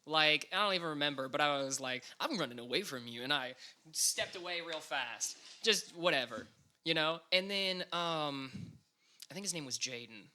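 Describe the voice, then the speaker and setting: A man's voice: fairly high pitch, moderate pace, pushed and bright, clear, resonant tone. A young man, a podcast guest, telling stories in a laid-back casual chat and swearing freely.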